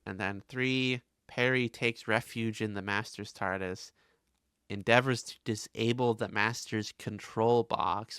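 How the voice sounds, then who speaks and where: A man hosting a casual podcast, recapping with animated delivery and quick asides. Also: on the low side, smooth, dry recording, clean studio sound. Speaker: podcast host.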